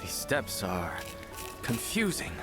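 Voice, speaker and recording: A man's voice: on the low side, wildly swooping pitch, takes it slowly, over music, full character voice. A man voicing a modest, uncertain young man in video game dialogue. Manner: hesitant, modest. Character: earnest young man, unsure cook.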